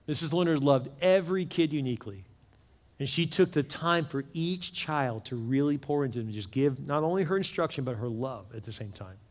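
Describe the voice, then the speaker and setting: A man preaching a sermon as pastor, telling a story earnestly and often dropping into soft, hushed passages. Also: mid-range voice, expressive, fairly quick. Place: church sanctuary with several campuses. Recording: long reverb of a large hall with music behind.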